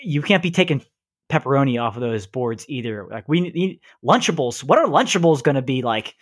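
Male co-host, mid pitch, dry close sound; rambling, lively casual talk over a call. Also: a little fast, no room sound. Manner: rambling, animated storyteller. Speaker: podcast co-host. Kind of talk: casual chat.

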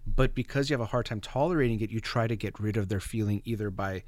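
A man's voice: on the low side, fast talker, a little mellow, no echo. A man, a therapist hosting a conversation, explaining ideas in an earnest, explanatory way. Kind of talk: casual conversation.

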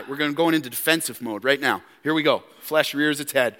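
High, bright-voiced preacher. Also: male voice, fairly quick. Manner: animated, rhetorical questions, direct address. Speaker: pastor. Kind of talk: sermon. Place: church. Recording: long church reverb.

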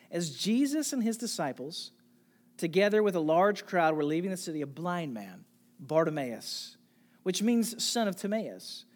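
A pastor preaching a sermon, asking the congregation direct questions and swinging from soft near-whispers to loud emphatic calls. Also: medium pitch.

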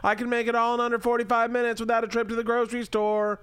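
A man putting on a high, drawling falsetto as a chirpy Southern wife boasting during an ad read. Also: monotone, rapid-fire, a bit bright, clean tone, no room sound. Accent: American Southern, put on.

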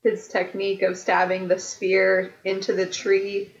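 A woman's voice: medium pitch, monotone, measured pace. A woman appearing as a podcast guest, chatting in an easygoing way and saying "like" often. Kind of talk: casual chat. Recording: dull lo-fi mic with faint noise.

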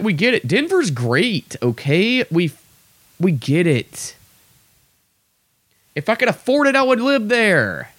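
A man's voice: medium pitch, fairly bright tone, no room sound. A young man hosting a podcast, ranting casually in an exasperated, sweary, rambling way. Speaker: podcast host. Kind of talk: casual solo rant.

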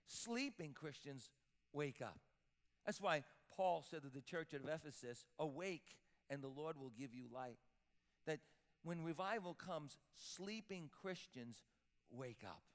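A man preaching a sermon as pastor, emphatic, repeating words as he builds up. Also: fairly high pitch. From Sicilian-Italian heritage. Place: church sanctuary with long reverb. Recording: reverberant church hall.

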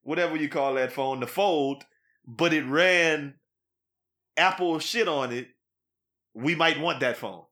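A man hosting a podcast, chatting casually in an animated, slangy way with lots of laughter. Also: a little high, a little slow, long pauses. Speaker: podcast host. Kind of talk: casual chat.

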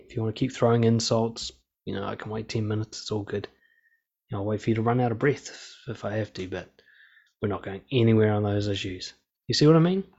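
Man, mid-pitched, laid-back and blunt, swears freely, steady calm delivery; slightly muffled recording. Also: breathy edge. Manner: frank and profane, calm and steady. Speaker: speaker on relationships and conflict. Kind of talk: casual monologue. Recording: slightly dull lo-fi sound.

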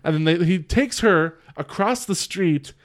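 Animated, laughing man. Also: sits high, measured pace. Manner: animated retelling of scenes, lots of laughing and quoting. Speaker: podcast host. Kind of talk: casual movie-review chat.

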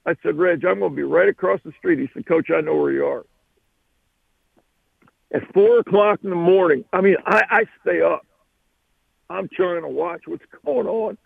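Coach guy on the radio spinning a story, husky and raspy, voice sits high. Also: normal speed, long pauses, no echo, narrow, tinny audio. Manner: animated, acts out the voices. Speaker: football coach guest.

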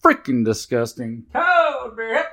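A man's voice: very high voice, wildly swooping pitch, slow pace, vocal fry, sharp tone. A man hosting a comedic sports betting podcast, with a hype, crude mock-announcer manner. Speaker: podcast host. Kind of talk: comedic casual chat.

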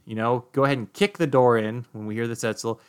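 A man's voice: mid-range voice, steady tone, fast, smooth, natural voice. Man playing a breezy, dismissive director. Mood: placating.

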